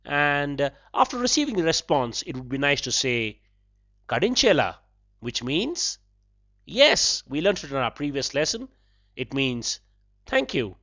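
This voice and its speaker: A man hosting a podcast, teaching a language lesson in a measured way, repeating phrases slowly and breaking them into syllables. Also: a little high, very animated, bright, forceful tone. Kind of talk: slow, careful language lesson. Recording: slightly dull, lo-fi podcast audio.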